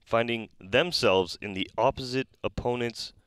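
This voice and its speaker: Steady male esports play-by-play caster. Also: mid-range voice, measured pace, smooth, no room sound. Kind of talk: live esports commentary.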